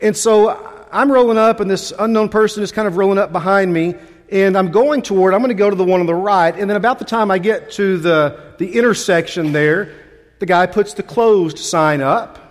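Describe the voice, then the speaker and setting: A pastor with a high voice speaks at normal speed, telling a chatty, self-deprecating story full of restarts before moving into his sermon. The recording carries the long reverb of a large hall.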